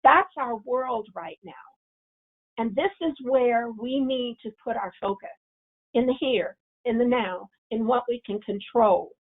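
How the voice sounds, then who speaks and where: A woman with a slightly high, gravelly voice gives a parenting webinar, sometimes acting out angry self-talk before calmly explaining the steps. The sound is thin and tinny, like a phone line, as if heard over a video call. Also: measured pace. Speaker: webinar presenter. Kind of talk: webinar presentation.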